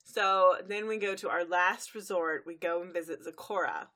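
Lady podcaster rambling thru a plot recap, lowish voice, lots of uhs. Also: moderate pace, pushed and bright. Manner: recaps plot in long run-on narration with fillers. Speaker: podcast co-host recapping an episode. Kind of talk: casual chat.

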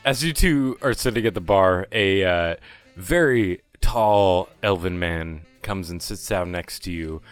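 A man's voice: sits low, fairly bright tone. A man narrating as game master in a casual way, laughing and swearing freely.

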